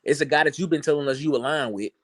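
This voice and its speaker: A man's voice: a little high, fairly even intonation, racing, fairly bright tone, no room sound, clean studio sound. Emphatic, stammering sports-talk man. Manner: repetitive, emphatic, sarcastic. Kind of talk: casual sports reaction chat.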